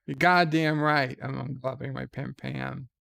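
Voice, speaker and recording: Slow gravelly-voiced man hosting a stream. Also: mid-range voice. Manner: rambling, wry, deadpan asides. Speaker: livestream host. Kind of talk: casual chat, reading viewer letters.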